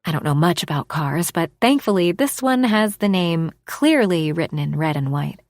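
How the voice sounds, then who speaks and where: A woman narrating a romance audiobook in the first person, expressive, dropping to a hush for inner thoughts. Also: lowish voice, normal speed, no echo.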